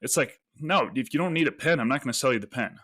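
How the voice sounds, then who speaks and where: A man, a real estate agent, telling stories as a podcast guest in a lively, casual way and acting out the lines he quotes. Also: mid-range voice, fast, no echo. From United States. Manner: animated storyteller, acts out quoted voices. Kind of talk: casual interview talk.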